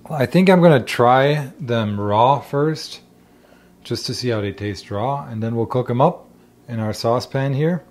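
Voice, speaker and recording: A man's voice: medium pitch, measured pace, a little mellow. A man with a German accent, chatting casually while tasting and cooking wild plants in his home kitchen. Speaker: homestead vlogger.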